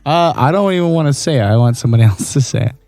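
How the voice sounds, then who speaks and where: A man's voice: medium pitch, expressive, rapid-fire, darkish tone. A man co-hosting a podcast in casual banter, asking squeamish questions and laughing. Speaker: podcast co-host.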